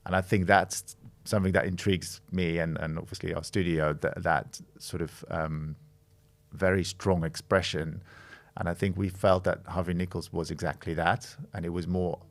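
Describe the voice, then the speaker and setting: A middle-aged man from the Netherlands talks through his work as a podcast guest, with a low voice and a gravelly edge. He thinks aloud, pausing and restarting often, in a relaxed conversational way. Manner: thoughtful, with frequent hesitations and restarts. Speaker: guest, creative director of a design studio.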